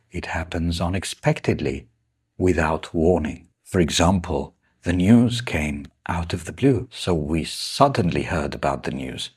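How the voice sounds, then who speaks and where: A man teaching English idioms in a slow, deliberate lesson, explaining each one and repeating examples. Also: sits low, darkish tone, husky. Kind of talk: scripted lesson narration.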